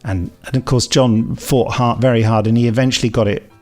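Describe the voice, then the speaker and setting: A man's voice: medium pitch, steady tone, brisk, a little mellow, faint music behind. A middle-aged man co-hosting a podcast, wry, teasing and opinionated. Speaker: podcast co-host. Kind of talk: casual chat.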